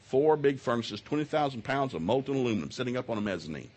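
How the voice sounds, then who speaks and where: Husky folksy man teaching on marriage. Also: mid-range voice, animated, quick pace, darkish tone. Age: middle-aged. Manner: folksy storytelling, acts out both sides of arguments. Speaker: seminar speaker. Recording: live audio of a seminar talk.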